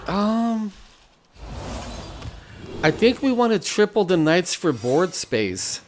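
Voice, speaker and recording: A man talks his way through a card game and drifts into preaching, slow and deliberate, hammering lines over and over. His voice sits a touch high, and a clear hum of background noise runs under the recording. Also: sing-song. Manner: unhurried, repeats phrases like a preacher. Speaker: gaming channel host. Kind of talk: gameplay commentary mixed with preaching.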